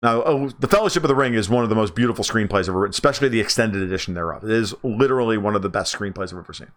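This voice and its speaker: A man in his forties hosting a livestream, talking about movies in a casual, profane, emphatic way, often restarting and jumping up in pitch when excited. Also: rapid-fire. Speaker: livestream host.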